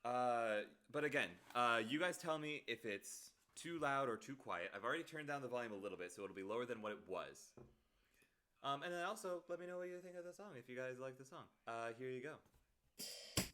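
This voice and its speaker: A man chatting casually on a late-night home stream, soft-spoken and rambling, talking to his viewers while music plays. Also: medium pitch, a little fast, clear, resonant tone. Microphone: headset mic.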